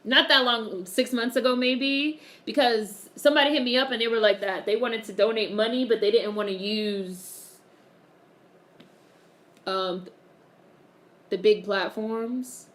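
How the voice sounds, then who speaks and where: A woman's voice: on the high side, fairly even intonation, a little slow, pauses often, fairly bright tone. Woman live streamer answering chat, swears a lot, laughs a bunch, super casual. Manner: chatty, swears freely, laughs often.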